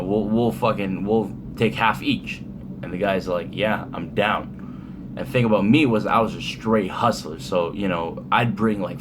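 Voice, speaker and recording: A man's voice: fairly low pitch, noisy background. A young man casually telling a rambling, profane story, full of fillers, for his vlog. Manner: laid-back, profane, rambling with many fillers. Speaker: vlogger.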